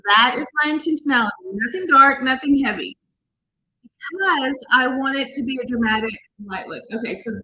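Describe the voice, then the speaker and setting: A woman with a fairly high, bright voice and a husky edge walks through a makeup look step by step. She is chatty and casual, and now and then quizzes the viewers. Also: poor audio. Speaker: makeup artist demonstrating products.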